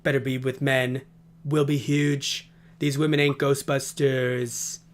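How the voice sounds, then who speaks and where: Blustering older politician, slow and boastful, a man doing the impression. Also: medium pitch, little pitch movement, voice pushed down, close to an everyday voice.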